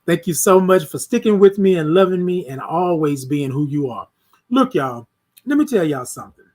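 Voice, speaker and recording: A fairly high-voiced man chats live with his viewers. He repeats warm affirmations and calls out names one by one. His voice jumps from loud bursts to soft asides. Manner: warm, repetitive affirmations, shouts out viewers by name. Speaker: host of a morning livestream. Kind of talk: casual live-stream chat with viewers.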